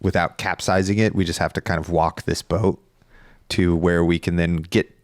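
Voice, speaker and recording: Podcast co-host, young man, very low voice, dry close sound, casual rambling delivery. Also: fairly even intonation, moderate pace, dry recording. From Northern California. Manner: rambling storyteller, laughs often. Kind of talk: casual chat.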